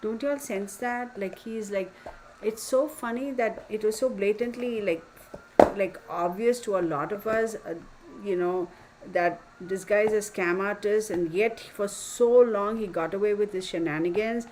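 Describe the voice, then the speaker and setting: A Texan woman who hosts a tarot channel chats casually and opinionatedly with her viewers, often calling them y'all, from a home room with an open window as a neighbor's dog barks. Her mid-range voice is a little mellow and measured in pace, on a low-quality recording with slight background noise.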